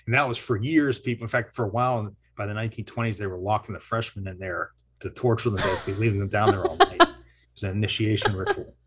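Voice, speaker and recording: A man, a historian and teacher, telling local history in a relaxed interview, rambling and correcting himself with frequent chuckles. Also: on the low side, fast. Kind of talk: casual interview storytelling.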